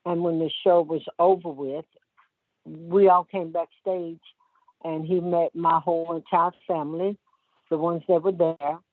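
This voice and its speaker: A woman slowly telling a heartfelt story, her voice softening to a hush at its key moments. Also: on the low side, fairly even intonation, no echo. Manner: slow, tender, hushed at key moments. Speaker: former backing singer. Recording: tinny, dry sound.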